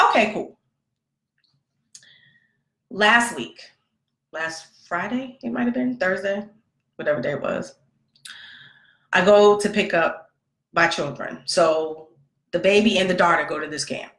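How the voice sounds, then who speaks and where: Woman host, lower voice, animated storyteller who plays the voices, roomy echo. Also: unhurried, long pauses. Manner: animated, conversational, acts out quoted dialogue. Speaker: podcast host, mother. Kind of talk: casual storytelling monologue.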